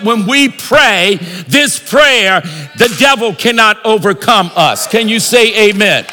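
Male pastor, sermon, high bright voice, call-and-response, reverb-filled church hall. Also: takes it slowly, faint music behind. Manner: preaching with call-and-response, rising to shouts. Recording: long reverb of a large hall.

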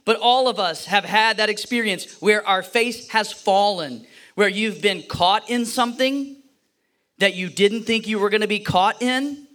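A man's voice: high-pitched, unhurried, bright, forceful tone. A man preaching a sermon, telling a personal story and acting out the voices in it with a playful manner. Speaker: pastor.

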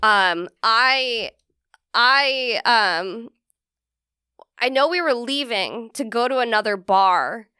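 Woman, young adult, comedian guest, rambling storyteller, bright and crisp, dry close sound. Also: on the high side, lively intonation, slow, dry recording. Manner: rambling storyteller, many ums and likes, laughs often. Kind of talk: casual podcast chat.

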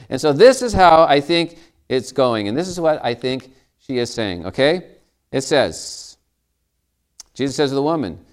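A man preaching a sermon as a pastor, telling stories in a conversational way and asking his listeners questions. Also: a little high.

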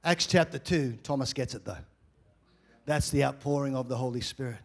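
A man preaching a sermon as pastor, energetic, with repeated phrases and swings between loud and quiet. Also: medium pitch, moderate pace.

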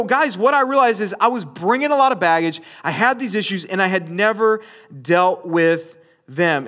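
A man's voice: sits high, bright, forceful tone. A man preaching a sermon in a conversational storytelling way, often speaking to his listeners as you guys. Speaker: pastor.

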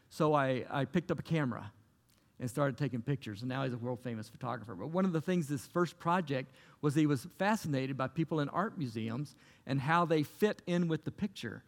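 A man preaches in an earnest, conversational way, circling back to key phrases. His mid-pitched voice has a gravelly, fried edge. A long hall reverb trails after each phrase. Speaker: pastor. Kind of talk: sermon.

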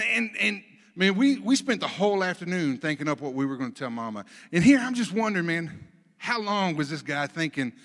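A man preaching a sermon, telling folksy stories between Bible readings, swinging from soft asides to loud emphasis. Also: on the high side, long reverb tail. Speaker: pastor.

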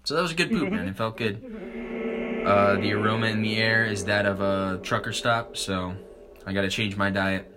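A man's voice: fairly low pitch, normal speed, very noisy. A young man, a stand-up comic hosting a podcast, rambling in a laid-back, crude, joking way. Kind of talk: casual rambling comedy chat.

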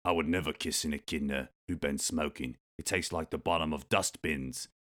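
A man voicing a tough male red echidna hero from a cartoon game, in a deep, low impression voice. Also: fairly even intonation, moderate pace, fairly bright tone. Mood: disgusted. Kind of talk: reading a cartoon character's quote aloud.

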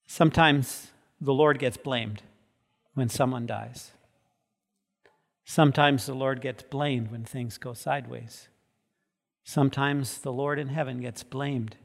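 A man preaching a sermon as pastor. He moves from soft, quiet passages to loud, emphatic peaks. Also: mid-range voice, fairly even intonation, takes it slowly, vocal fry, long pauses. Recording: long reverb of a large hall.

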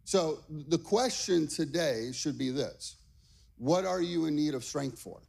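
High-voiced energetic preaching man. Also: unhurried, vocal fry. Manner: energetic, repeats "okay?" and "all right". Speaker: pastor. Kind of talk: lively sermon. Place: church stage before a congregation.

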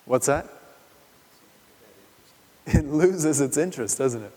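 A man's voice: on the high side, lively intonation, slow, mellow, breathy edge. A male pastor giving a conversational sermon, asking his listeners rhetorical questions as he goes. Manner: chatty, full of rhetorical questions. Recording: long hall reverb.

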